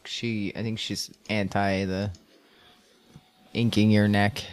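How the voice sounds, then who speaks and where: A woman's voice: extremely low pitch, little pitch movement, slow pace, no echo. A woman guest on a casual podcast, dry and teasing. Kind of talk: casual chat. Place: small podcast studio.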